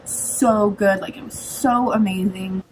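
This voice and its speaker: A young woman tells a fan story in animated, self-mocking bursts. Clear background noise runs under her voice. She speaks in a loose, casual way. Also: mid-range voice, measured pace, poor audio. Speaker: fan recounting a concert day.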